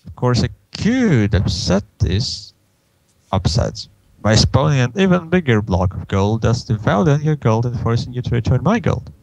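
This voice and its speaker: A smug, teasing trickster spirit who conjures things from nothing, as a man voices him. The voice swings up and down widely, with a gravelly crackle. It sounds like a comic read aloud with voices, recorded dry and close. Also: medium pitch, very animated, moderate pace, a little mellow, no room sound.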